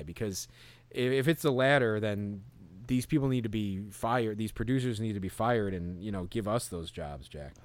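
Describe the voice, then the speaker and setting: A man's voice: on the low side, normal speed, no echo. Man, podcast co-host, casual chat, filler-heavy, resonant, dry mic. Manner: rambling, many fillers, animated retelling.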